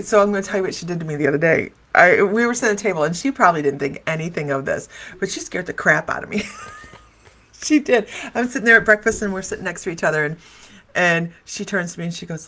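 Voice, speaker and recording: A woman's voice: on the low side, fast, fairly bright tone. A middle-aged woman hosting a casual livestream chat as a psychic medium, talking in a loose, wandering way and laughing often. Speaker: psychic medium and live show host.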